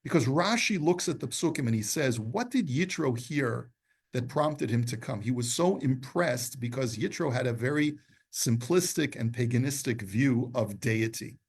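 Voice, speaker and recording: A man at mid pitch leads a classroom lesson on scripture. He explains point by point, reads out Hebrew passages and stops to quiz his listeners. His tone is that of a teacher walking a group through a text. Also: animated, normal speed, husky. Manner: explanatory, quizzes the class, quotes Hebrew texts. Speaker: Torah teacher.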